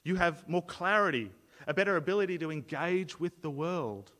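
A male pastor delivers a sermon in a fairly high voice, explaining his points earnestly and often doubling back on words mid-sentence. The sound rings with the long reverb of a large church hall. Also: animated, moderate pace, fairly bright tone. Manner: earnest, explanatory, frequent word repeats and restarts.

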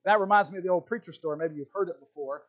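A man's voice: sits high, very fast, highs cut off. A man preaching a sermon as a pastor, telling stories and acting out little voices. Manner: animated storytelling, acts out voices.

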